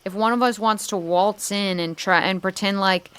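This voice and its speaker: A woman's voice: medium pitch, steady tone, moderate pace, fairly bright tone, a little hiss or hum. A woman playing a tabletop role-playing game, chatting in a playful way. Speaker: player.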